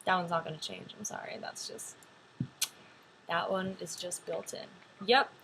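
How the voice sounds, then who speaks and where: Her voice is lowish and unhurried, with vocal fry and a breathy edge. The speaker is a young woman vlogging a story to camera, chatty and lively, dropping "like" again and again.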